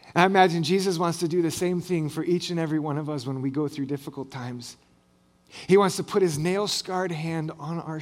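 A man preaching a sermon, reading scripture and talking with light humor, rising on big phrases and dropping soft at the ends of lines. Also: fairly high pitch, fairly quick. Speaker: pastor.

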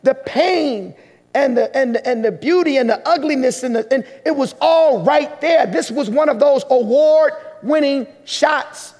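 A man preaching a sermon, telling a story with emotion and slow, deliberate pauses. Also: extremely high pitch, darkish tone. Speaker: pastor. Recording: long hall reverb.

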